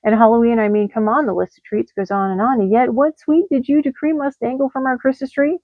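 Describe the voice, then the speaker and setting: A fairly high-voiced woman reads rhyming holiday letters in a lively sing-song way. The recording is dry and a little dull. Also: brisk, no room sound. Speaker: storyteller.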